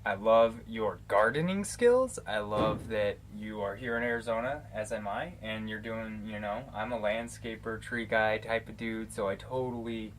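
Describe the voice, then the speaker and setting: A man's voice: fairly low pitch, moderate pace, few pauses, slight background noise. An American man talking casually to camera in a vlog, rambling and affectionate, with plenty of fillers and restarts. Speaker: vlogger. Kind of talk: casual talking-head shout-outs. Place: living in Arizona. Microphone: camera mic, talking straight to camera.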